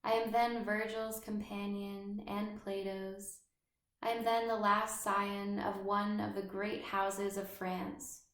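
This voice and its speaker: A woman voicing a brooding schoolboy who feels like an outsider, reading in a measured, even way. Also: medium pitch. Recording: roomy echo.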